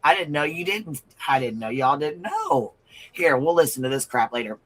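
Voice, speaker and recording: A man's voice: a little high, very animated, moderate pace, a bit bright, slightly rough, rough recording. Blunt, profane male stream commentator. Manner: blunt, profane and emphatic, repeating phrases. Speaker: livestream commentator. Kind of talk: livestream commentary reading viewer comments.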